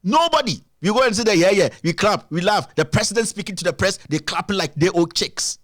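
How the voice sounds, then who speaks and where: A man's voice: sits high, animated, a little fast, a bit bright, no echo, clean studio sound. A man hosting a live-stream show, giving emphatic, repetitive political commentary.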